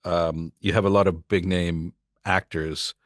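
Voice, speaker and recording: A man's voice: low-pitched, little pitch movement, unhurried, no room sound, clean studio sound. A male voice actor telling rambling anecdotes about his work in a casual podcast chat. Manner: rambling anecdotes with restarts and acted quotes. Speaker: voice actor guest.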